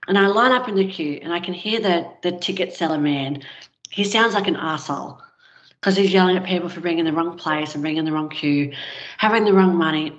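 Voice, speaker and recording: A woman's voice: lowish voice, quick pace, highs cut off. A woman, a guest telling a personal story in an interview in a candid, conversational way with fillers. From Australia.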